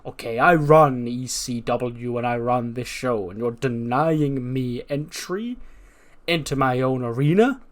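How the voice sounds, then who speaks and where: A man's voice: medium pitch, measured pace, lightly acted. A man voicing a smug, pompous middle-aged wrestling manager with formal, fussy phrasing. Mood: indignant.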